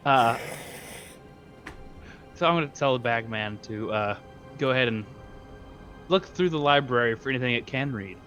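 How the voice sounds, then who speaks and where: A man playing a tabletop game, upbeat and giggly, thinking out loud. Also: medium pitch, huge pitch swings, measured pace, pauses often, lo-fi sound, soft background music. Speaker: player.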